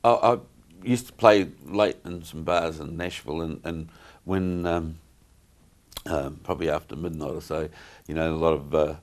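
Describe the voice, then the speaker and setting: Very deep-voiced New man, rambling. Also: moderate pace. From New Zealand. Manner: rambling, many fillers and restarts. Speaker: guest entertainer. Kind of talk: casual interview chat.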